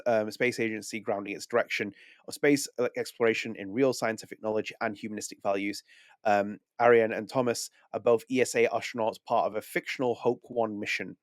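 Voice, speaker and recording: A man's voice: fairly low pitch, no echo, clean studio sound. A man hosting a podcast, talking casually, correcting himself and reading press text aloud. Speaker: podcast host.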